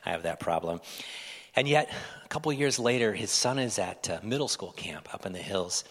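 A male pastor with a low, husky voice delivers an earnest, pleading sermon. His words ring out with a long reverb in a large church hall. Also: animated, fairly quick.

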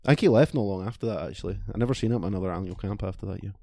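A man's voice: low-pitched, very fast, warm tone, no echo. A man with a Scottish accent telling a rambling, profane anecdote in casual chat with friends.

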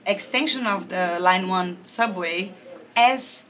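Thoughtful woman filmmaker, slightly low voice. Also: slow pace, a bit bright. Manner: thoughtful, hesitant. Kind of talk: interview answer.

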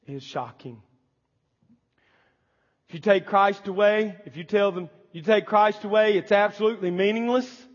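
A man's voice: a little high, in a large hall, muffled recording. A man preaching a sermon as pastor, with impassioned delivery and pleading prayers acted out. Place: church sanctuary.

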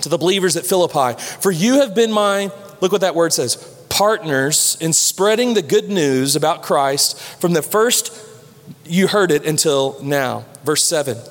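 A man preaching a sermon as pastor, animated, dropping low and slow to stress points. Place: large church hall. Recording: long hall reverb.

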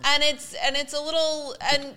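Woman from Brooklyn, casual guest chat, emphatic, smooth crisp voice. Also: mid-range voice, moderate pace, pushed and bright. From Brooklyn, United States.

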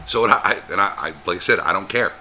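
A man's voice: low-pitched, very fast, sharp tone, a little hiss or hum. A man co-hosting a podcast in casual chat, crude and joking, swearing freely. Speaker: podcast co-host.

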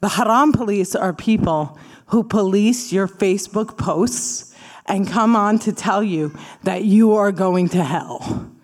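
A woman's voice: medium pitch, takes it slowly, a little mellow. A woman from Palestine doing stand-up comedy, punchy and sarcastic, rising to emphatic bursts. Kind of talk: stand-up talk with audience.

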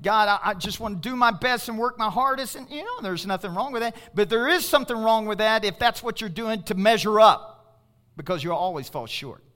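Bright, emphatic male pastor preaching. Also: high-pitched, animated, a little fast. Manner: emphatic, calls out to the congregation. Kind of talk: sermon.

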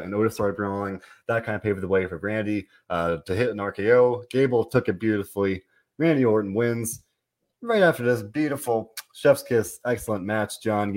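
A man hosting a casual wrestling podcast, talking in an animated, rambling way and often cutting himself off. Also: fairly low pitch. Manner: rambling, animated, self-interrupting. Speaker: podcast host. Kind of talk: casual wrestling recap chat.

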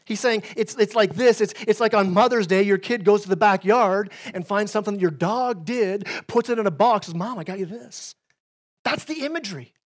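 A male pastor giving a sermon in a conversational way, tossing in "right?" asides and swinging between loud, emphatic bursts and quiet asides. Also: high-pitched, a little fast, hardly any pauses.

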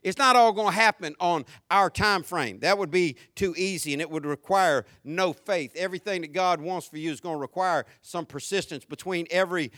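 A man preaching a sermon in an energetic, conversational style that builds up to shouts. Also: high voice, fairly quick, hardly any pauses, no echo, studio quality. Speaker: pastor.

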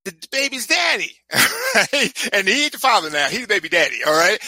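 A man's voice: high-pitched, big pitch swings, a little fast, hardly any pauses, sharp tone, no room sound. A man co-hosting a podcast, riffing comically with stammering restarts. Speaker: podcast co-host, legal humorist. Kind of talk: casual podcast banter.

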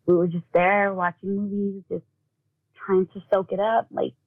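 A woman telling a personal story as an interview guest, in a halting way with many fillers, often acting out what family members said. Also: medium pitch, flat delivery. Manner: halting, full of "like", acts out quoted family talk. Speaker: guest, bereaved mother. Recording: tinny phone-like audio.

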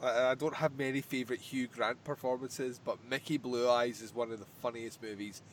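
A man's voice: mid-range voice, fairly even intonation, a little fast, a little hiss or hum. A man in his thirties chatting and telling swearing, laugh-filled stories during a casual movie commentary. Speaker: podcast co-host.

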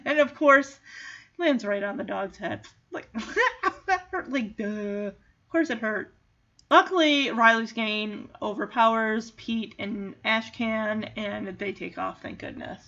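A woman's voice: a little high, slow, pushed and bright. A woman chatting casually through a movie recap. She giggles often and acts out the characters' lines. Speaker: movie reaction vlogger. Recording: dull lo-fi audio.

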